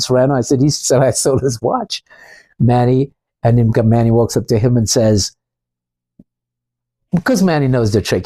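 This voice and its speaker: A man's voice: mid-range voice, dark tone. A man giving a blunt, off-the-cuff motivational talk, repeating himself in a combative way. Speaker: channel host.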